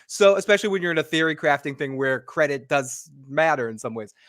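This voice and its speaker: Bright man recapping an episode in a dry room. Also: a little high, expressive, no echo. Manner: brisk storytelling, acting out the scenes he retells. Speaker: podcast host. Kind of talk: casual recap narration.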